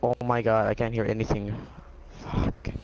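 A man's voice: fairly low pitch, little pitch movement, normal speed, gravelly, a little mellow, dull audio, slight background noise. A young man chatting bluntly while gaming, swearing casually. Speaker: gaming friend.

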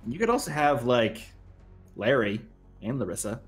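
A joking man banters on a live game stream, pitching silly ideas and reading chat messages aloud. His voice sits at an average pitch for a man. Faint music plays behind the chat. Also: very animated, normal speed. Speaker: streamer co-host. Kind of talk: casual live-stream chat over gameplay.

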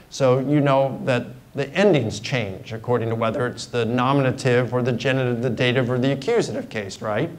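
A man's voice: mid-range voice, low-quality recording. A middle-aged man giving a university guest lecture in a conversational way, explaining points through simple examples. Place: lecture hall.

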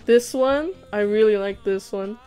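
Drawing live on stream, a young woman talks casually, reads out the chat, and now and then giggles or curses. Her mid-range voice is warm, smooth and unhurried, though the recording sounds rough and background music plays.

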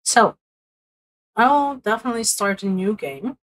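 A young woman live-streaming a game, chatting bubbly and excitedly with her viewers. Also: a little high, a little slow, low-quality recording. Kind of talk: live-stream gaming chat.

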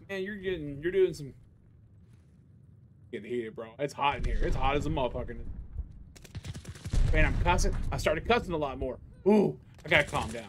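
A young male gaming streamer talks casually while he plays, ranting and cursing heavily and tripping over restarts. His voice sits fairly high, with a faint hiss underneath. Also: animated, normal speed, long pauses. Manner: ranting, swears constantly, restarts sentences. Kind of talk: casual live-stream chat.

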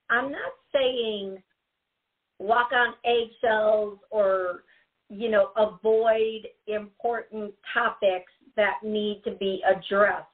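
A woman hosting a call-in radio show as a psychic, chatty and given to giggling, repeating her warnings to the caller. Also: a little high. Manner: chatty, giggly, gives advice in repetitive warnings. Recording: tinny phone-like audio.

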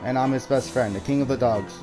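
A man's voice: mid-range voice, fast talker, close to an everyday voice. A man voicing a proud, indignant male dog who calls himself king of the dogs, in a game scene over music. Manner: indignant, scornful.

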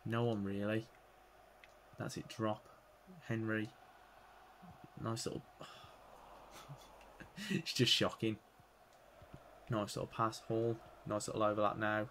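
A young man commentating live on his own football video game, excitable, swinging from muttering to loud outbursts. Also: on the low side, slow pace, long pauses, slight background noise. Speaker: gaming YouTuber playing career mode.

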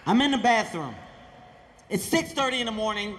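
A man telling animated stand-up stories on stage, acting out voices and shouting. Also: high voice, a little slow, pauses often. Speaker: stand-up comedian. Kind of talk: stand-up comedy storytelling. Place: large theater stage with audience.

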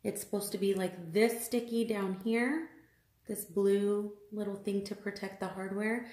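A woman's voice: medium pitch, steady tone, measured pace, darkish tone. A woman vlogger unboxing a purchase, upset and exasperated, repeating herself with many fillers. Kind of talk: unboxing vlog complaint. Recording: echoey room.

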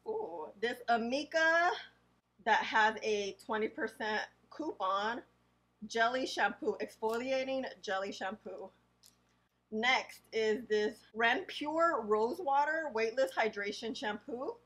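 A woman beauty vlogger talking casually, reading product names aloud slowly and adding chatty asides. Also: on the high side, fairly bright tone, rough recording. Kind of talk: casual haul unboxing.

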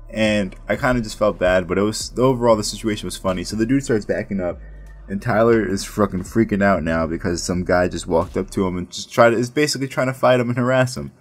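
Man, very low voice, casual story time, rambling, profane, faint music behind. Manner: rambling, profane, many restarts. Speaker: storyteller, casino dealer.

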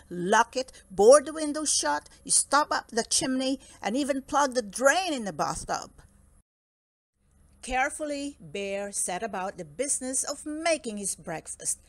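Storybook reader: a woman with a slightly high voice and an unhurried pace. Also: dry recording. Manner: slow, expressive storytelling. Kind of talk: children's book read-aloud.

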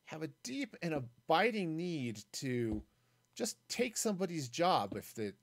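A man's voice: a little high, very animated, a little slow. A man streaming a game solo, giving casual, rambling commentary as he builds, thinking aloud with self-mocking jokes and asides.

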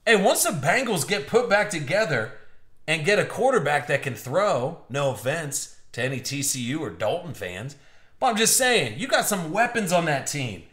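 Man, card break host, fairly high voice, echoey room, upbeat and jokey. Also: big pitch swings, normal speed, fairly bright tone. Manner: chatty, upbeat, jokey with viewers. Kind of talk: live-streamed box break commentary. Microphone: streaming mic.

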